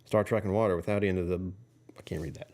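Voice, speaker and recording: A man's voice: low voice, steady tone, fast talker, darkish tone, a little hiss or hum. A middle-aged man streaming live, rambling through casual chat with his viewers and chuckling often. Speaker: livestreamer.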